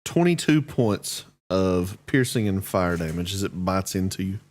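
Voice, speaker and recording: A man's voice: low-pitched, lively intonation, a little slow. A man narrating a tabletop game as game master, laid-back and joking.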